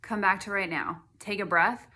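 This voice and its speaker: A middle-aged woman artist talking casually to camera, chatty with many fillers, sometimes dropping to a soft hush. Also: medium pitch, normal speed. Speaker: artist and host.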